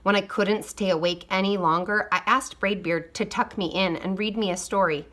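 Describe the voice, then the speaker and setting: A woman reading a children's picture book aloud, expressive, with quiet asides. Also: mid-range voice, normal speed. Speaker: storybook reader. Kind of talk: storybook read-aloud.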